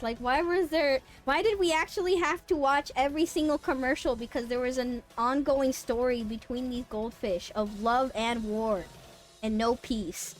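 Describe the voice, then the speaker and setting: Young female streamer, high voice, loose, swearing, laughing, casual live chat. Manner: rambling, sarcastic, laughing, swears freely.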